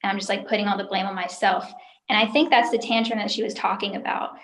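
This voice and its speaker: A woman's voice: medium pitch, steady tone, fast talker, fairly bright tone, echoey room, poor audio. A young woman telling her story as an interview guest, talkative and emotional, with many filler words. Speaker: interview guest, former sales recruiter. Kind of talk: candid personal story in an interview.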